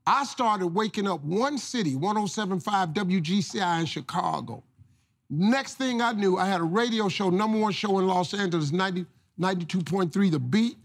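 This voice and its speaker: A man's voice: sits high, animated, normal speed. A middle-aged man telling a folksy, preachy motivational story. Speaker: guest storyteller.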